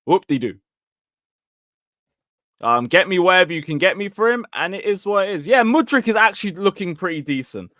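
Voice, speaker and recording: Young man, fan-channel host, rambling and sweary, a bit high, dry close mic. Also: lively intonation, fairly quick, pauses often, pushed and bright, dry recording. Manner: blunt, sweary, rambling, reading chat comments. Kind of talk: casual live match review.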